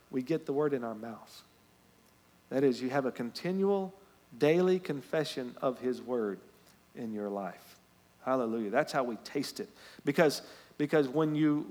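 A pastor delivers a lively sermon in a fairly high male voice. He tells stories and climbs to loud, emphatic peaks. The sound carries the long reverb of a church sanctuary. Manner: animated, rising to loud emphatic peaks, storytelling asides.

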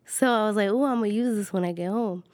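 A young woman casually telling a funny personal story, giggling and animated. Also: medium pitch, fast, dry recording, clean studio sound. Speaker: guest storyteller. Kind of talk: casual chat.

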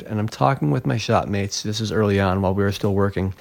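A man's voice: fairly low pitch, fast, creaky, hardly any pauses, darkish tone. A man, a glassblower and interview guest, telling a personal story in an earnest, reflective way that livens up when he retells events.

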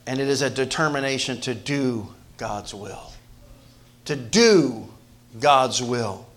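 A pastor preaches a sermon to his church in a mid-range, animated voice at a slow pace. He moves between loud emphasis and hushed asides, frequently repeating words and restarting phrases.

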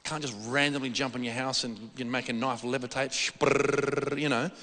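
A man preaching a sermon in a church hall, animated and repetitive, often restarting his sentences. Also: mid-range voice, moderate pace, background noise. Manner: animated, repetitive, excitable delivery with frequent restarts. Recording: long reverb of a hall.

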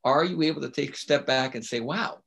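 On a teaching podcast, a male guest speaks in a husky, mid-range voice that's fairly quick and a little bright, with some vocal fry. His casual interview talk is emphatic, and he keeps checking in with a rhetorical "right?"

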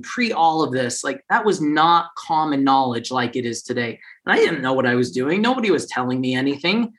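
A man's voice: on the high side, bright, forceful tone. A man in his forties telling a personal story in a casual way, acting out the people he quotes in raised, funny voices.

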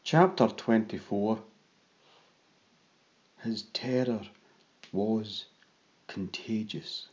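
A man narrating a first-person story at a slow, deliberate pace. His voice sits in a middle pitch. The recording sounds a bit dull. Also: a little mellow, a little hiss or hum. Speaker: audiobook narrator.

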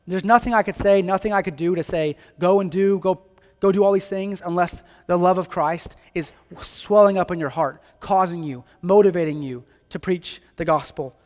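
A man's voice: high-pitched, in a large hall. A man preaching a sermon, earnest and emphatic, driving points home with repeated phrases and rhetorical questions.

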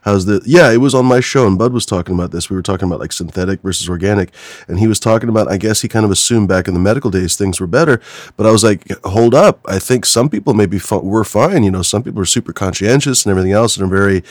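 A man hosts a casual online show and talks quickly in a low voice. He rambles along in an easy, conversational way. The sound is dry, with no room echo. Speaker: podcast host. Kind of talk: casual chat.

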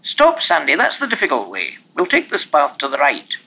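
A man's voice: a little high, huge pitch swings, moderate pace, creaky, sharp tone, breathy edge, exaggerated voice, poor audio. A man voicing a patient but easily irritated grown man in a storybook reading. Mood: firm.

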